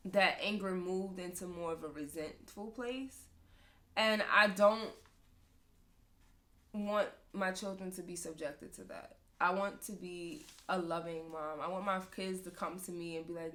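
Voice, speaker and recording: A woman's voice: medium pitch, sharp tone. A young woman hosting a podcast, talking candidly and emotionally about motherhood, often laughing. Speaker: podcast host, mother of two sons. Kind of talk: candid personal talk.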